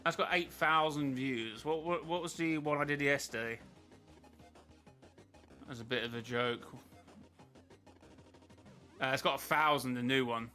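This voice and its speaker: A man's voice: mid-range voice, steady tone, measured pace, pauses often, sharp tone, faint music behind. A man streaming a game, chatting casually with his viewers in a rambling, self-interrupting way. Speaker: gaming streamer.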